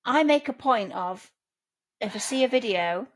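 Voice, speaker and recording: A woman's voice: a little high, animated, moderate pace. A woman co-hosting a casual podcast, a chatty storyteller who acts out the people she describes. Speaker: podcast co-host. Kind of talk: casual chat.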